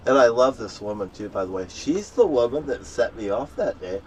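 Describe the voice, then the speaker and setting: A man delivering a profane, boastful, threatening rant outdoors, swearing constantly and breaking into loud outbursts. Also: mid-range voice, lively intonation, normal speed, hardly any pauses. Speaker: street ranter. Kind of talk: profane angry monologue. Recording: distant mic with faint background noise.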